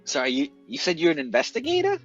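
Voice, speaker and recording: A man's voice: on the high side, huge pitch swings, fast talker, a bit bright, husky, dull audio, soft background music. A man playing a tabletop game in character, pushy and sleazy, stumbling over restarts. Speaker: player. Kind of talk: in-character tabletop role-play.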